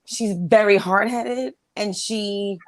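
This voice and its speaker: A woman's voice: medium pitch, steady tone, slow pace, no room sound, low-quality recording. A woman hosting a casual chat stream, telling a family story in a blunt, exasperated way with plenty of swearing. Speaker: host.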